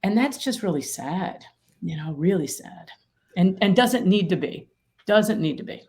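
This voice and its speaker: A woman's voice: fairly low pitch, animated, measured pace, darkish tone. A middle-aged woman, an attorney mediator and author, explaining her ideas emphatically with vivid everyday examples in an interview. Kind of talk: interview conversation.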